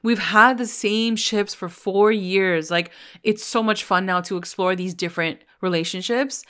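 A woman's voice: medium pitch, unhurried, fairly bright tone. A woman co-hosting a podcast, talking eagerly and casually about a TV show's storylines, with many fillers. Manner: enthusiastic, chatty, frequent fillers. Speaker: podcast co-host. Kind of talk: casual chat recapping a TV episode.

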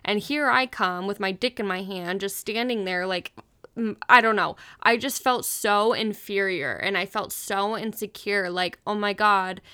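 A woman's voice: mid-range voice, a little slow, bright, forceful tone, clean tone. A young woman hosting a podcast, telling a personal story in a candid, chatty way and swearing freely. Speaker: podcast host. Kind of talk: casual confessional storytelling.

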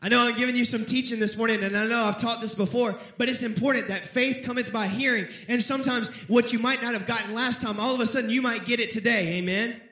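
A man preaching a sermon, telling a story and calling on the congregation to answer back, with dramatic slowing on key phrases. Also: extremely high pitch, fairly even intonation, sharp tone, echoey room, poor audio. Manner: preaching with call-and-response prompts to the congregation. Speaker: pastor.

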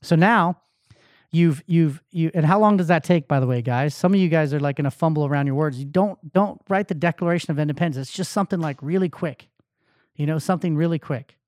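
A man's voice: fairly high pitch, fairly quick, dry recording. Hyped-up motivational man, dry sound. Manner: energetic, swings from hyped shouts to quiet emotional tones. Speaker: podcast host. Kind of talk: motivational talk.

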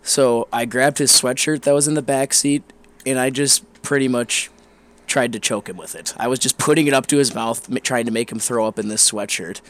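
A young man telling a long, rambling, profane story with animated energy in a casual podcast chat. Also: mid-range voice, normal speed.

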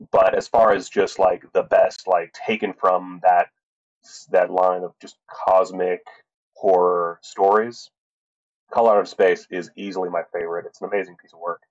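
Low-voiced rambling man, lo-fi sound. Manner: rambling, profane, full of fillers and restarts. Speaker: film reviewer. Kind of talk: casual film review talk.

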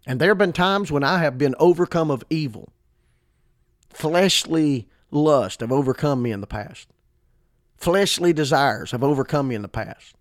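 A man's voice: medium pitch, dry recording, studio quality. A man preaching a podcast sermon in an emphatic, fervent way, repeating words for emphasis.

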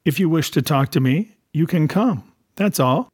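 A man's voice: fairly high pitch, expressive, normal speed, darkish tone, slightly rough, no echo. A man voicing a stern ship's captain who gives clipped, commanding orders, in a dry, close-miked reading. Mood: scornful.

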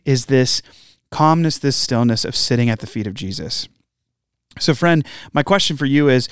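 In clean, dry, studio-quality audio, a mid-range male voice delivers a pastor's devotional talk that is sincere and conversational. Direct questions to the audience come often, and he caps his points with "right?"

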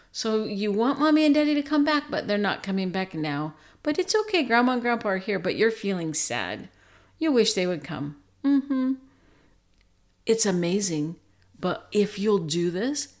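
An older woman, a grandmother, teaching a lesson on listening skills and acting out gentle example dialogue. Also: fairly low pitch. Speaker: parenting and relationship educator. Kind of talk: teaching talk with acted examples.

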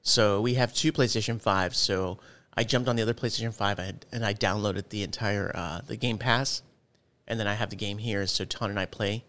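Man, lowish voice, casual chat, rambling, animated, podcast host. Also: normal speed.

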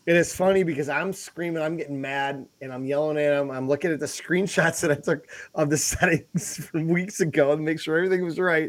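A man co-hosting a podcast with a slightly high voice, swearing freely through animated, worked-up stories. His talk is casual and crude, and he comes through over a remote call setup. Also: a little fast, hardly any pauses. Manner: profane, animated storytelling. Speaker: podcast co-host.

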